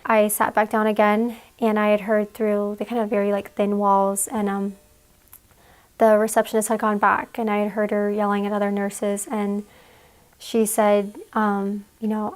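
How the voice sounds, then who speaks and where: A young woman giving an emotional personal account in an interview, halting and full of "like"s. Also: medium pitch, monotone. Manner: halting, fillers, many "like"s.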